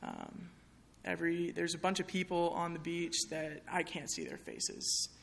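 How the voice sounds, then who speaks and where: A woman's voice: on the low side, huge pitch swings, unhurried, gravelly, a little hiss or hum. A young woman speaking candidly to an audience in a chapel, sharing a personal testimony in a conversational way with many fillers.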